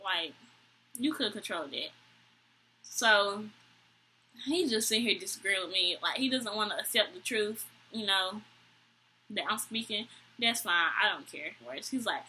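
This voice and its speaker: A young woman, telling a story to camera in an animated, exasperated way. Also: a little slow, pauses often, breathy edge, low-quality recording. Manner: animated, exasperated, quotes people with high voices. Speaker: vlogger. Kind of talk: storytime vlog, casual chat to camera.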